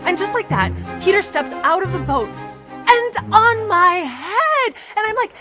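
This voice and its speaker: A woman's voice: very high voice, big pitch swings, a little slow, music in the background, exaggerated voice. A woman playing a chatty female water droplet in a comic children's sermon skit, telling her story with gushing drama. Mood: excited storytelling.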